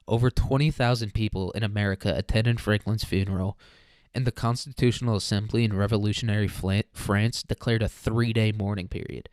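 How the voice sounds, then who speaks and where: A man's voice: lowish voice, steady tone, a little fast, darkish tone, no room sound, clean studio sound. Rambling, profane young man. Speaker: podcast host. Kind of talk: casual solo podcast.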